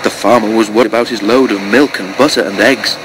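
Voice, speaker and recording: A man narrating a children's storybook in an even, gentle storytelling manner. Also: fairly low pitch, fast, background noise. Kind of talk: storybook reading.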